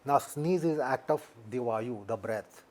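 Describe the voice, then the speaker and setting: Speaking in a mid-range voice with an Indian English accent, a male yoga teacher gives deliberate explanations during an interview and returns again and again to his main points.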